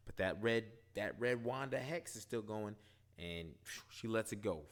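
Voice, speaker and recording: A man casually recapping and reviewing a TV episode, animated, asking "right?" often. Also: on the low side, unhurried. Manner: animated, retells scenes, quotes characters, frequent "right?". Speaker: show reviewer.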